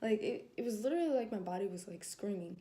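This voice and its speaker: A young woman telling a personal story to camera in a casual vlog, animated and laughing as she acts out her own thoughts. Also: medium pitch, fast talker. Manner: animated, laughing, acting out her inner dialogue. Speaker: vlogger.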